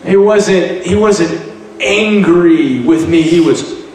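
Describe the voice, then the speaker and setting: Man, faith testimony, earnest and halting, slightly high voice, very echoey room, distant mic. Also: a little mellow. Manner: earnest, halting storytelling with frequent restarts. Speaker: guest sharing testimony. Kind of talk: personal testimony. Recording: very echoey room, heard from a distance, light noise.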